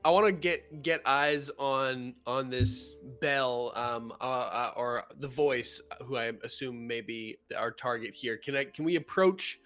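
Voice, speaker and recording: A man playing a tabletop game, casually joking and swearing in halting speech. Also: medium pitch, fairly bright tone, soft background music. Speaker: player.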